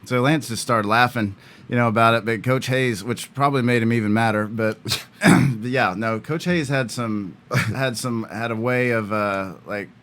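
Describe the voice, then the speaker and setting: A man who is a guest on a podcast, telling old stories in a halting, filler-heavy way that often breaks into laughter. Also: mid-range voice, a bit bright. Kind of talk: casual interview chat.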